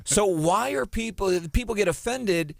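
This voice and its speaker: A man's voice: sits high, normal speed, creaky, dry recording, clean studio sound. Opinionated radio host man. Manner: opinionated, animated, takes calls. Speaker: radio talk show host. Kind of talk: talk radio commentary. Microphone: studio microphone.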